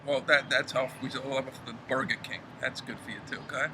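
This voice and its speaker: A man's voice: medium pitch, little pitch movement, fast talker. A middle-aged man ranting in a heated, profane casual chat, recorded outdoors in a backyard. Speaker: podcast co-host. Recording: clear outdoor background noise.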